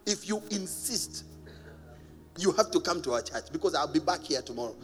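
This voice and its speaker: A man preaching a sermon as a pastor, animated and often laughing at his own stories. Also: a little high, moderate pace, slightly rough, long reverb tail, faint music behind.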